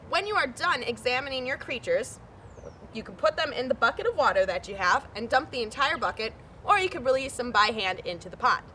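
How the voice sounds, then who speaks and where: A young adult woman naturalist presenting a scripted nature lesson outdoors by a pond, clear and enthusiastic. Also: a little high, bright, forceful tone, a little hiss or hum.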